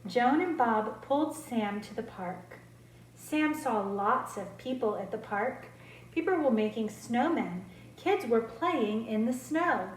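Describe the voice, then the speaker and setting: Lady reading kids books out loud, slow and clear, fairly high, echoey room. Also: a little hiss or hum. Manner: slow, clear, expressive read-aloud. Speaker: speech therapist. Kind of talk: reading picture books aloud to children. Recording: roomy echo.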